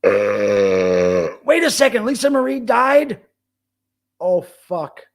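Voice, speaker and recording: A man's voice: very high voice, lively intonation, measured pace, creaky. A middle-aged man hosting a casual live stream, reading the chat aloud and talking loosely with plenty of swearing. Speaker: livestream host.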